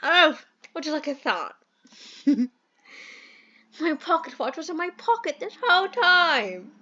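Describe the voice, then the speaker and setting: A woman voicing a fussy, flowery old-fashioned gentleman in a dating sim, with a put-on British accent and a pompous, theatrical manner. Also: high-pitched, very animated, slow, dull audio, full character voice.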